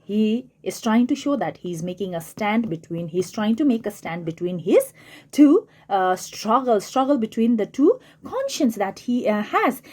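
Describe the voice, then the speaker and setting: A woman's voice: medium pitch, big pitch swings, measured pace, darkish tone. A woman teacher giving a literature lesson, explaining a play line by line and often repeating and rephrasing her words.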